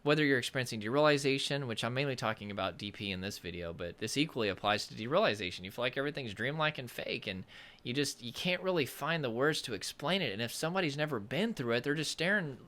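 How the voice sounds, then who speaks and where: A man's voice: mid-range voice, animated, fast talker, fairly bright tone. A man from the American South talking casually to camera as a coach, rambling and searching for words, with self-deprecating humor. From Southern United States. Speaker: nervous system coach.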